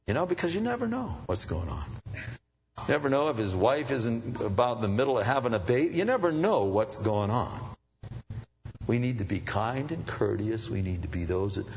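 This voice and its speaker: A man preaching a sermon as a pastor, swinging between low, quiet passages and loud, high bursts. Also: sing-song, normal speed, a little hiss or hum. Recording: dull lo-fi sound with long hall reverb.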